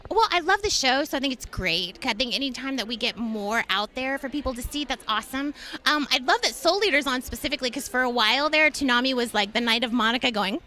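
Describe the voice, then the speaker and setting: A woman's voice: high-pitched, lively intonation, fast, bright, forceful tone. A woman in her thirties, a voice actress talking enthusiastically in a convention interview. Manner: bubbly and enthusiastic. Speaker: voice actress and guest.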